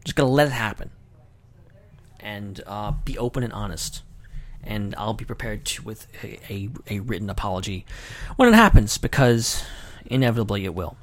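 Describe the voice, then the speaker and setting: A man hosting a casual podcast, rambling along in a self-deprecating, jokey way. His voice has a gravelly edge and swings widely in pitch. The sound is dry and close, with no room around it. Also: a bit bright, no echo. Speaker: podcast host. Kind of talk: casual livestream chat.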